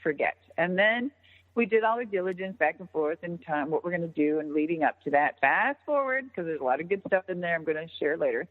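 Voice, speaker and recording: A woman's voice: lowish voice, a little fast, long reverb tail. Woman telling a story over a tinny phone line. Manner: animated, profane, acts out quoted dialogue. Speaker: interview guest, former wrestler. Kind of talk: casual phone interview storytelling.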